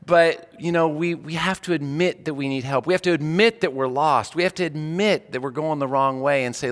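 A man in his thirties, a hospice chaplain, preaching a conversational sermon full of rhetorical questions, going soft and quiet for the prayers. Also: a little high, fairly quick, hardly any pauses. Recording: long reverb of a hall.

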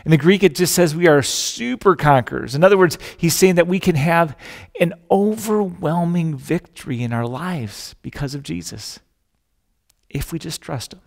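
Gravelly pastor preaching in a hall. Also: male voice, on the high side, normal speed. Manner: storytelling with jokes, acts out voices in quotes. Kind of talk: sermon.

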